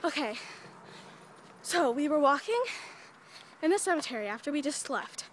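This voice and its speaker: Young woman, high voice, breathless and giggly, chatty vlogger on a phone outdoors. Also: lively intonation, moderate pace, slight background noise. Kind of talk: excited casual storytelling. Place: outdoors by a cemetery. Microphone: phone camera.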